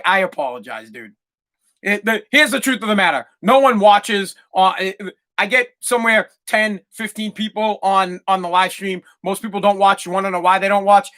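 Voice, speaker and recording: A man's voice: high voice, sharp tone. A man hosting a solo sports podcast, ranting in a fired-up way, swearing and repeating himself. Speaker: podcast host.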